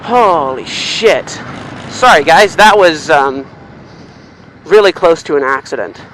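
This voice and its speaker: A young man, chatting casually and swearing freely while driving, rambling and excitable. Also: a little high, measured pace, poor audio. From Canada. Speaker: vlogger. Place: inside a car, driving in city traffic. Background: faint car and road noise.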